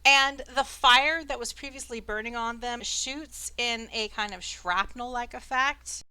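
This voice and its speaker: A woman's voice: fairly high pitch, unhurried, sharp tone, clean tone, dry recording. A woman narrating as dungeon master of an online tabletop game, casual and hesitant with many fillers. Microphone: online voice chat.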